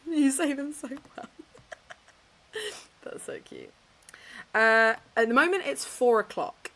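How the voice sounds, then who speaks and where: A woman's voice: a little high, bright, forceful tone. A young woman, hosting a casual reading livestream from her home office, chatty and self-mocking with frequent laughs. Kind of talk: casual chat to live chat.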